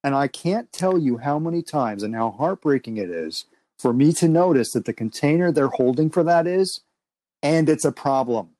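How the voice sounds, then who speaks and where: Measured calm podcast host, dry mic. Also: mid-range voice, no echo. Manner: calm, measured, explaining with slow emphasis. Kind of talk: reflective conversation.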